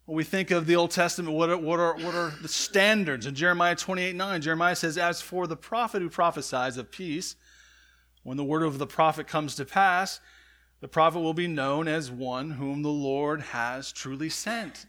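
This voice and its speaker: A man's voice: on the high side, steady tone, normal speed, sharp tone. A man preaching a sermon, retelling a scripture story in a conversational way with frequent asides to the congregation. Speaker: pastor.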